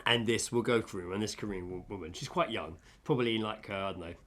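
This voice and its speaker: A man's voice: fairly low pitch, fast. A man, co-hosting a podcast and telling an anecdote in casual chat, acting out the dialogue. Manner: animated storyteller, acts out dialogue. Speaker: podcast co-host.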